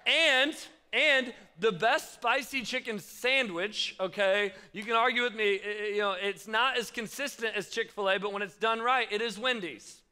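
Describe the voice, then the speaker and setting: A young man preaching a chatty youth sermon. His voice sits high and sounds bright and clear. He jokes and turns to speak directly to his listeners. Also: moderate pace. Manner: chatty, joking, addresses the crowd directly. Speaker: youth pastor. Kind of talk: casual youth sermon with stories.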